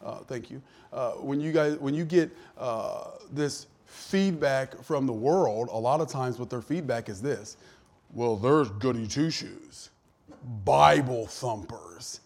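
A pastor preaching a conversational sermon in a church, joking with his congregation and swinging from hushed to loud. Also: mid-range voice, a little slow. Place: church with a sound system.

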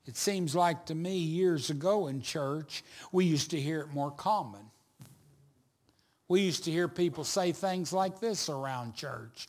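A man preaching a sermon, telling a folksy story and building to loud emphatic points. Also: sits high, lively intonation, a little slow. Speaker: pastor.

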